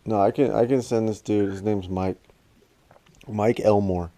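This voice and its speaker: A man's voice: on the low side, steady tone, measured pace, mellow. A man co-hosting a podcast, talking in a laid-back casual way with easy swearing. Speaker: podcast co-host. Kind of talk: casual chat.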